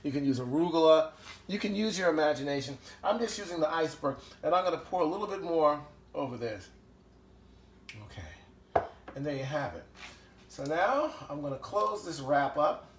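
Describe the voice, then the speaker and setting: A man's voice: fairly high pitch, expressive, normal speed, roomy sound, a little hiss or hum. A man hosting a casual home cooking show, talking chattily and enthusiastically with lots of fillers as he works in his kitchen.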